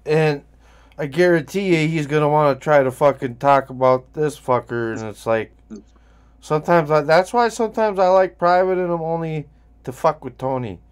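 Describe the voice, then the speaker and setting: A man's voice: fairly high pitch, normal speed, smooth. A man hosting a casual profane chat show with a Minnesotan accent, rambling and laughing as he mocks others. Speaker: host.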